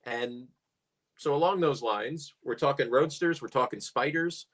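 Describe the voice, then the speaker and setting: A man's voice: mid-range voice, measured pace, a bit bright. A middle-aged man co-hosting a casual car chat, musing with dry humor. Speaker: podcast co-host.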